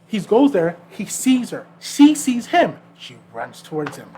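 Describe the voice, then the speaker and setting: A man's voice: sits high, measured pace, slight background noise. A man co-hosting a podcast, telling stories in casual chat and acting out the people in them. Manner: animated storyteller acting out quoted people. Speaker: podcast co-host.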